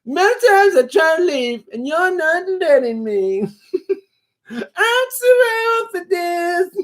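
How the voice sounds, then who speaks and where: A man doing a high, whiny impression of a bickering young family member, petulant and squealing. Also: sing-song, slow pace, heavily acted.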